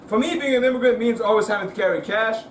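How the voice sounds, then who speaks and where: A man in his twenties from Russia with a Russian accent, doing a dry, deadpan stand-up set and teasing the crowd. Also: high voice, fast. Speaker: stand-up comedian. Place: comedy club stage with a laughing audience. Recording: roomy, distant live club recording with crowd noise.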